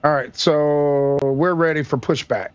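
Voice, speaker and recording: Profane high-voiced man streaming at home. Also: steady tone, a little slow, clear, resonant tone, lo-fi sound. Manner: profane, loose, talks to family off-mic while streaming. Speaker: flight sim streamer. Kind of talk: casual livestream chat. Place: home gaming room.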